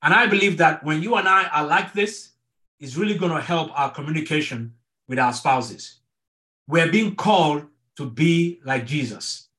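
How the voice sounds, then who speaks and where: In an online marriage class delivered sermon-style, a middle-aged pastor talks earnestly at a moderate pace and repeats words to emphasize each point. His pitch is fairly high and his tone sharp.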